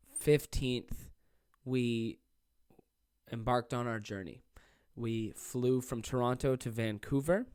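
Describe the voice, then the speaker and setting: A man's voice: medium pitch, darkish tone, smooth, no room sound. Young man, podcast host, rambling, profane, self-deprecating, jet-lagged, dry close sound. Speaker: podcast host and stand-up comedian. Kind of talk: casual solo podcast monologue. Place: small room.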